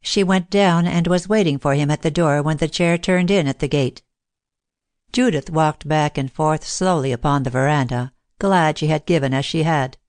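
A woman narrating an audiobook chapter in a measured, unhurried way. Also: sits low, a little mellow, no echo. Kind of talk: scripted narration.

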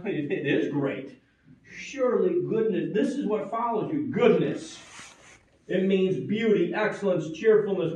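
A man preaching a sermon, stressing and repeating key words, at times rising loud and at times dropping very quiet. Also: sits high. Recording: echoey and distant, dull sound.

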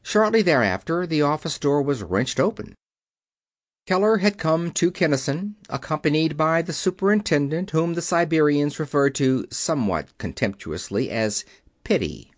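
A man reads a novel aloud at a steady storytelling pace. His pitch moves a lot through each sentence. The recording is dry and close, with no room sound. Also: normal speed, dry recording. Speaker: audiobook reader. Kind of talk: scripted narration.

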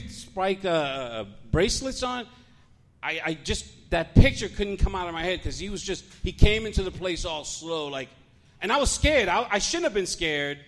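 Host, Puerto Rican man, high lively delivery, stand-up, laughs at own jokes, faint venue noise. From Puerto Rico. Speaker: comedy show host. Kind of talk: stand-up comedy. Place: comedy club stage.

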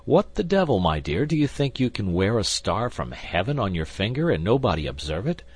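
A man reading as a cool, sardonic musketeer in an audiobook, low and husky. He drawls calmly and wryly, unbothered by bad news. A storybook gambler. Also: brisk. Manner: calm, drawling and wry. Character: coolly indifferent older male musketeer, wry gambler.

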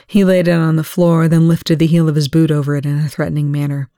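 A reader doing a proofreading read-aloud of a fiction chapter in a steady, plain narration, on a close home mic. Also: medium pitch, fast, few pauses, no echo.

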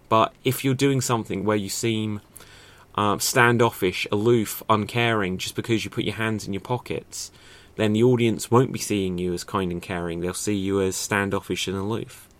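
Speaking at normal speed in a lowish voice, a man who teaches acting and improv talks casually about acting and stagecraft. His lesson unfolds as thinking aloud, heavy on rhetorical questions and fillers.

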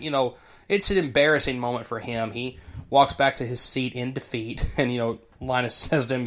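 A man's voice: medium pitch, steady tone, brisk, fairly bright tone. A man, an educator, giving casual commentary in an explanatory, teacher-like way, chuckling now and then.

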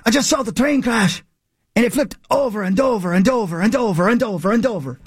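A man doing an Irish accent to voice a frantic male witness of a train crash, excited and breathless. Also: sits high, fairly quick, breathy edge, no room sound, clean studio sound, pitched above the performer's own voice. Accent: put-on Irish.

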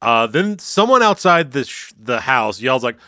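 A man's voice: medium pitch, big pitch swings, a little slow, bright, forceful tone, dry recording, clean studio sound. A man co-hosting a podcast, chatting casually as he recaps a TV episode and acts out quotes in mock voices. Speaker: podcast co-host.

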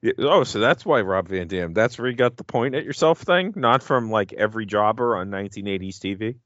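A man's voice: lowish voice, lively intonation, a little fast, a bit bright, no room sound, dull audio. A man co-hosting a podcast, chatting casually and laughing as he jokes about an old video. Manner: laughing, rambling, joking. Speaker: podcast co-host. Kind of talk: casual chat over a video.

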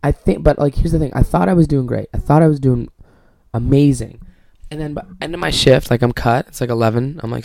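A man's voice: fairly high pitch, fast talker, vocal fry, mellow, no echo. A young man from Canada hosting a solo podcast from his bedroom, telling rambling, profane, self-mocking stories. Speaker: podcast host. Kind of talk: casual solo podcast monologue.

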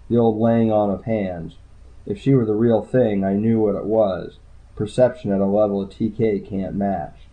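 Man, story narrator, low voice, dry wry delivery, phone-like tinny sound. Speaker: audiobook narrator. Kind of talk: first-person story narration.

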